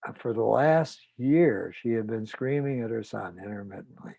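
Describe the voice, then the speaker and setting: A man, a psychotherapist, recounting a client's case in a measured, deliberate way. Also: lowish voice, expressive, creaky, dark tone, husky, no room sound, low-quality recording.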